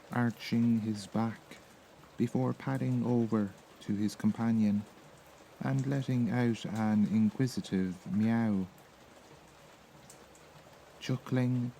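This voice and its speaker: A man with an Irish accent reading a sleep story in a soft, slow, soothing voice. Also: fairly low pitch, slight background noise, rough recording. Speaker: narrator.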